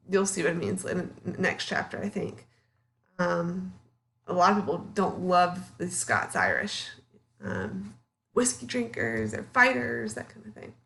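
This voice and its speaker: A woman in her thirties teaches a history class in a relaxed, conversational way. She leans on fillers like "um" and keeps checking in with her students through quick questions. Her pitch sits in an ordinary middle range. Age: 30s. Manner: casual, chatty, filler-heavy, asks the class questions. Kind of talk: classroom lecture.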